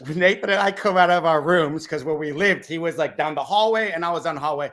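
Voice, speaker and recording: A man who is a guest on a podcast, telling a story in an animated, casual way with some fillers. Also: on the high side, fast talker.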